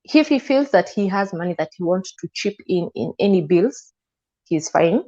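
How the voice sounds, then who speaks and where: Woman guest, lower register, animated storyteller; dull, muffled audio. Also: moderate pace. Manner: animated retelling with frequent "and I'm like" asides. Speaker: guest telling her story. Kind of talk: personal storytelling interview. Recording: slightly muffled, dull sound.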